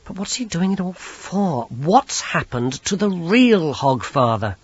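A stern young woman, voiced by a male narrator, speaks in a clipped, weary, wry way. Her voice is pitched a little higher than his own and sounds husky. The recording is dull. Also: big pitch swings, measured pace, no room sound, exaggerated voice. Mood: uneasy. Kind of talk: audiobook character voice.

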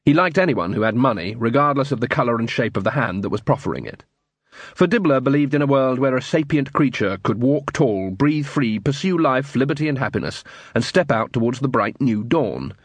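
Animated male audiobook narrator. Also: medium pitch, a little fast, slightly rough, dry recording. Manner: animated storytelling with many character voices.

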